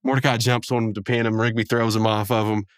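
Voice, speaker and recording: A man's voice: lowish voice, level tone, fast, smooth, no room sound, studio quality. A man hosting a podcast, recapping an episode in a rambling, chuckling way with many asides. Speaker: podcast host.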